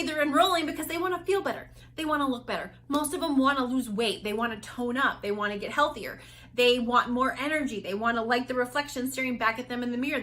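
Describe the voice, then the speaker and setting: High, bright-voiced woman coach. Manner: energetic, candid, talks with lots of "like" and restarts. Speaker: weight loss coach. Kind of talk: motivational vlog talk.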